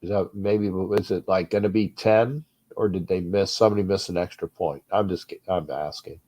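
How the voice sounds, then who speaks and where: A man hosting a sports fan talk show with a stuffed-up nose, rambling and restarting, his level swinging from low mutters to loud bursts. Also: steady tone, moderate pace. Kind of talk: uncensored fan rant show.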